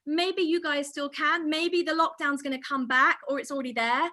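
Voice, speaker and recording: A middle-aged woman real estate agent giving an energetic online training session, speaking straight to her audience. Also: sits high, moderate pace. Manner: energetic, enthusiastic, addresses audience directly.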